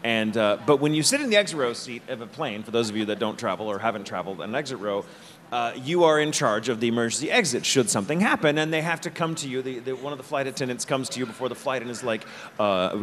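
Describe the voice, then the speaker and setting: A man on a convention panel telling a self-mocking travel story with animated delivery. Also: mid-range voice, fast talker. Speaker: voice actor panelist. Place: convention hall panel stage. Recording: reverberant convention hall.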